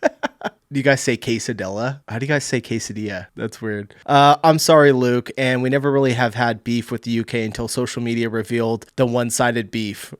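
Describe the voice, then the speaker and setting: A man's voice: mid-range voice, steady tone, fairly quick, clean tone, no room sound, studio quality. An American man hosting a reaction video, easygoing and chuckling often as he comments. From United States. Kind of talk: casual commentary.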